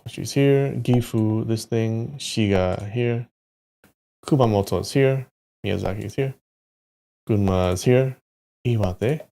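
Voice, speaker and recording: A man on a casual live stream, quietly muttering names as he works through a map quiz. His voice is gravelly and his pace unhurried. Now and then he bursts out in frustration or swears. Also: on the low side. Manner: muttering place names to himself, with sudden frustrated outbursts and swearing.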